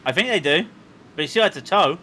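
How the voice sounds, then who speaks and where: A man commentating on a sim racing stream, chatty and excitable with quick asides. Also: a little high, a little hiss or hum. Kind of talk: live race commentary chat.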